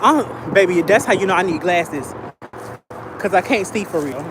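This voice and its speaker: A trans woman who lives in her car, chatting in slangy storytelling on a phone livestream while she walks outdoors in a field near a highway. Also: expressive, moderate pace, rough recording. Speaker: vlogger living in a car. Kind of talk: casual livestream chat. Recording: loud outdoor traffic noise. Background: highway traffic.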